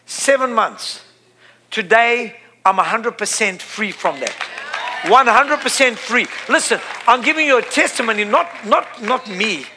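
Man, preacher, sermon, high voice, impassioned, repeats for emphasis. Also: lively intonation, a little slow, noisy background. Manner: impassioned, repetitive, rising to emphatic peaks.

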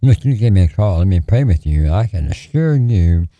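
A man preaching and praying on the radio in a lively, pleading, repetitive cadence. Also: sits low, moderate pace. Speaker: radio preacher taking prayer calls.

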